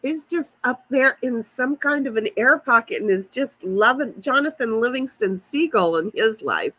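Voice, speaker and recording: Broadcasting from a backyard on her phone, a livestream host chats casually and rambles through responses to her chat's comments. Her fairly high, fairly bright voice is animated and moderately paced, heard in a rough recording.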